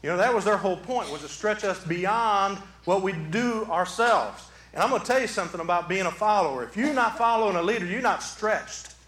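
A man preaching a sermon from the pulpit, animated, swinging from quiet talk to shouting. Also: high voice, brisk, few pauses. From southeastern Michigan. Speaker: pastor. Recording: echoey hall.

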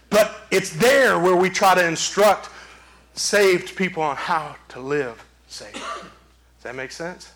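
A man's voice: high voice, measured pace, sharp tone. A man preaching a sermon as pastor, emphatic, with repeated phrases. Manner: emphatic, repetitive preaching cadence.

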